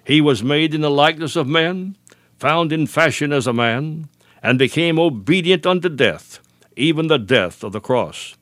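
A man preaching a broadcast sermon, leaning on key phrases by slowing down and repeating them. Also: a little high, animated, fairly bright tone, no echo, studio quality. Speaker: radio preacher.

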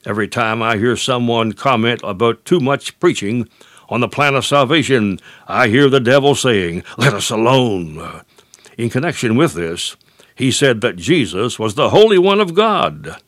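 A man preaching a sermon, slow and emphatic, leaning hard on drawn-out words. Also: medium pitch, expressive, a bit bright, dry recording, clean studio sound.

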